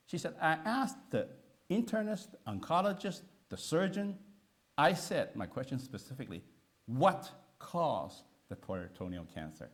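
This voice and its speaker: A middle-aged male physician giving an animated lecture, telling a patient story with frequent restarts and emphatic repetition. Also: mid-range voice. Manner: repetitive restarts, emphatic, asks listeners "okay?".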